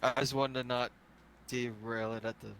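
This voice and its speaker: A male player in a tabletop game speaks tentatively, rephrasing his questions as he goes. His voice is at an average pitch. Faint hiss in the background. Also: little pitch movement, moderate pace, a bit bright.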